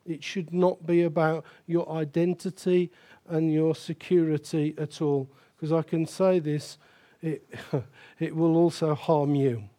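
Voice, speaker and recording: An older pastor delivers a sermon in an unhurried, deliberate way. His voice sits a little high but sounds mellow and warm. He drives points home by repeating phrases with emphasis. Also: little pitch movement.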